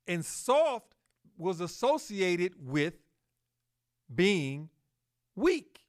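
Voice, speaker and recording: A man hosting a solo podcast, talking slowly with fillers and self-corrections, and pushing up on key words for emphasis. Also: high voice, sing-song. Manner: slow, halting delivery with fillers and self-corrections. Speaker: podcast host.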